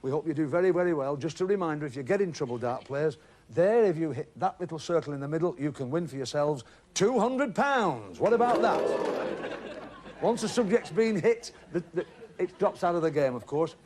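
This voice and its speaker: Joking game show host, lively pitch. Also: male voice, fairly quick, some chatter behind, a little hiss or hum. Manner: chatty, joking, teasing contestants. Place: TV studio with a live audience.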